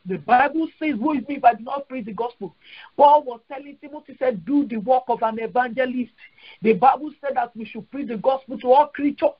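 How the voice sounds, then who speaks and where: High-voiced fervent Nigerian woman pastor. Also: fairly quick, slightly rough. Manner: fervent, repetitive declarations, prays in tongues. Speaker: pastor leading prayer call. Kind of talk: fervent prayer and preaching. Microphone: phone dial-in. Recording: dull lo-fi phone call audio.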